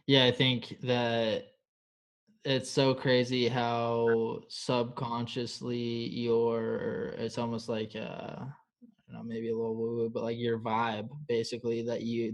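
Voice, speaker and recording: A man hosting an interview podcast and asking questions in a relaxed, casual way, with plenty of "like" and "totally". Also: mid-range voice. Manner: laid-back, filler-heavy talk with lots of "like" and "totally". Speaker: podcast host.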